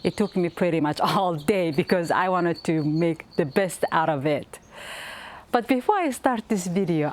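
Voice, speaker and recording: A woman in her fifties from Mongolia, hosting her home baking vlog in a tender, earnest, unhurried way. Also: on the low side. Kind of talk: heartfelt cooking vlog talk.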